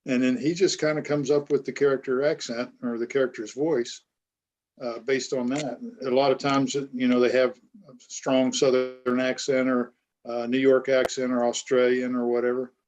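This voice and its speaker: A man's voice: medium pitch, little pitch movement, normal speed, darkish tone. Man from Florida, author guest, plain easygoing talk, muffled lo-fi sound. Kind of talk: casual chat.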